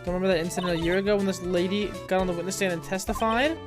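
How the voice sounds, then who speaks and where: A woman's voice: fairly low pitch, steady tone, racing, close to an everyday voice. A woman voicing a grumpy, nagging elderly woman security guard who rambles and scolds, reading game dialogue aloud on stream. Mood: self-pitying. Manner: rambling, scolding, complaining about youth. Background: game music.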